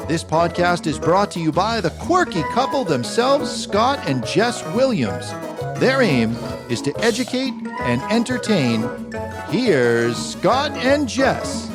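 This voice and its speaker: Woman announcer over loud music. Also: mid-range voice, big pitch swings. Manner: slow, measured announcing. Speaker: show announcer. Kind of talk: scripted show intro.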